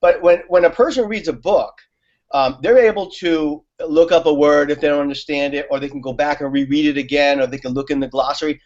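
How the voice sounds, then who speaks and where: A man's voice: on the high side, a little fast, a little mellow. A man guest telling stories in casual conversation, laughing often and using many fillers. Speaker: guest on a talk show. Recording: muffled lo-fi audio.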